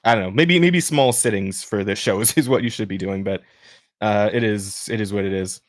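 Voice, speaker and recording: A man hosting a podcast in casual chat with a smooth voice. He rambles with many restarts. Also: fairly low pitch, normal speed, no room sound, studio quality. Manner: rambling, many restarts and fillers, laughs while talking. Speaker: podcast host.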